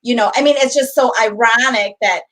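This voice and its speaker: A middle-aged woman co-hosting a podcast, telling a story in casual chat and acting out quoted lines with lively energy. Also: a little high, a little fast, low-quality recording. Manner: animated, acts out quotes, talks over her partner. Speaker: podcast co-host.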